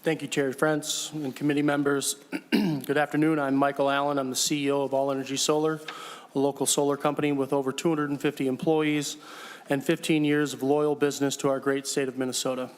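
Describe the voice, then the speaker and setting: A man, a company chief executive, giving measured, formal testimony before a legislative committee. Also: mid-range voice, flat delivery. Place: legislative hearing room.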